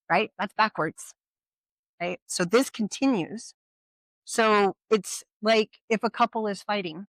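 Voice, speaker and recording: A presenter giving an informal educational talk at a community workshop. They speak conversationally, with frequent rhetorical questions and quick check-ins with the audience. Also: medium pitch, a bit bright, no echo. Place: community event at a brewery.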